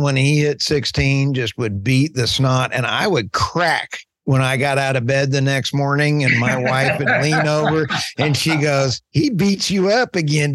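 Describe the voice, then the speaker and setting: A man's voice: medium pitch, a bit bright, dry recording, clean studio sound. A man in his fifties with a Texas and Oklahoma accent, hosting a podcast in a jokey, self-deprecating, rambling way. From southern United States. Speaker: podcast host. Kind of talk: casual podcast chat.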